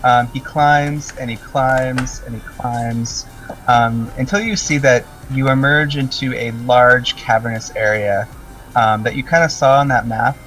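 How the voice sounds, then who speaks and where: A man's voice: mid-range voice, measured pace, fairly bright tone. Man narrating as game master. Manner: descriptive, full of "um" and "like". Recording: distant mic with faint music.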